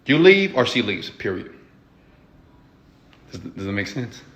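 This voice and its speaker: A man's voice: medium pitch, sing-song, a little slow, fairly bright tone, muffled recording. A man who is an entrepreneur and mentor, lecturing his viewers bluntly and emphatically, swearing and checking in with "okay?". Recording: echoey room.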